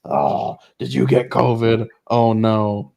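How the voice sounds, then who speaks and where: A man co-hosting a casual livestream chat, relaxed with a dry sense of humor. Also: fairly low pitch, slow, vocal fry. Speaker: co-host.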